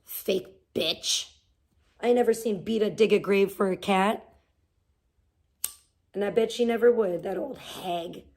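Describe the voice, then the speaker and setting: A woman's voice: mid-range voice, unhurried, creaky, pauses often, a little mellow. A woman hosting a livestream, venting casually with profane, sarcastic rants and talking to her chat. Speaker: livestream host.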